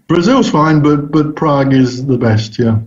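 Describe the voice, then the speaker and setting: A man as an interview guest who talks about research thoughtfully, often pausing and restarting his sentences. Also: a little high. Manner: thoughtful, hesitant, frequent restarts. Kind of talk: casual interview answers. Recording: dull lo-fi recording.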